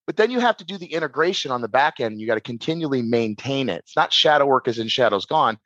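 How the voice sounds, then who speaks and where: A man's voice: mid-range voice, quick pace, no echo, highs cut off. A man, a podcast guest who does shadow work, talking casually, rambling and restarting his sentences. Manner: rambling, repeats words and restarts, animated.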